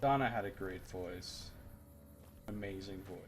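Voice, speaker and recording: A man's voice: deep voice, measured pace, slight background noise. A man streaming a game live, chatting casually with his viewers and cracking profane jokes. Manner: profane, joking asides to chat. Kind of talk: casual live-stream commentary while gaming.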